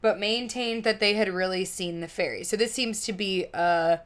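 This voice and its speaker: A woman spinning a rambling story on a podcast, swearing freely and breaking into giggles. Her voice sits at an ordinary middle pitch, loose and unpolished. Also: normal speed. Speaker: podcast co-host. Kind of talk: casual chat, storytelling.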